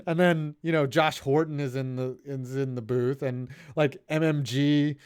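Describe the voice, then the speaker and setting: A man hosting a casual sports stream, talking loosely and profanely and often trailing off into low mumbles. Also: steady tone, unhurried, a little mellow, clear, resonant tone. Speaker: stream host reading viewer donations.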